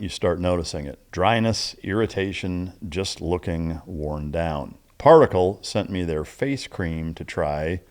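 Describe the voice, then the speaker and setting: A man's voice: low-pitched, darkish tone. A male podcast host reading a plain, straightforward sponsor ad and asking easygoing interview questions. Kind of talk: interview and ad read.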